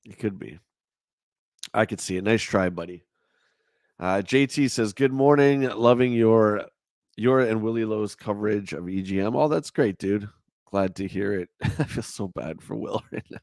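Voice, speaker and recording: A middle-aged man with a nasal voice, hosting a casual morning livestream chat in a relaxed, chatty way. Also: lowish voice, moderate pace, gravelly, no room sound, clean studio sound. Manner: relaxed, chatty, laughs easily. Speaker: livestream host.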